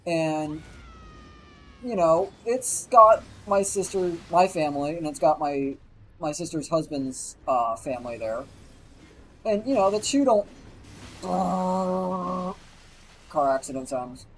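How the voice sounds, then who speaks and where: A man's voice: fairly high pitch, animated, takes it slowly, pauses often, fairly bright tone, slight background noise, poor audio. A young man streaming live, telling a rambling, profane story while he plays a game. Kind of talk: casual chat while gaming on a live stream.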